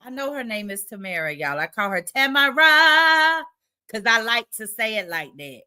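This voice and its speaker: Give me a playful woman livestream host, reading comments in a bright, lively voice. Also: medium pitch, brisk. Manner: chatty, reads viewer comments aloud, playful. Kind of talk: casual livestream chat.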